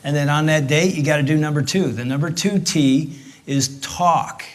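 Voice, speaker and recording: A middle-aged man gives a marriage talk at church in a slightly high voice. He speaks directly and emphatically, pressing the men in the audience with pointed questions. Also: moderate pace. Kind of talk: conversational church teaching.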